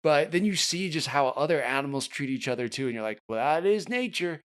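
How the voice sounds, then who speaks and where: A man's voice: a little high, expressive, a little fast, fairly bright tone. A man co-hosting a podcast, chatting casually and reviewing a film in a laid-back, loose way. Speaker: podcast co-host.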